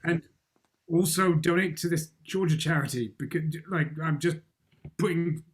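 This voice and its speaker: A man's voice: a little high, moderate pace. Rambling, laughing man on a video call. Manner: rambling, stumbling restarts, laughing between words. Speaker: cast member. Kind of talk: casual chat on a video call.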